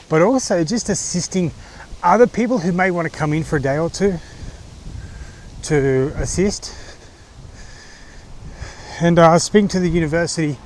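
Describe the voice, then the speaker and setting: A man in his forties with an Australian accent, vlogging in a casual, halting monologue full of fillers and restarts, from a car on the road. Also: fairly high pitch, darkish tone, a little hiss or hum. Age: 40s.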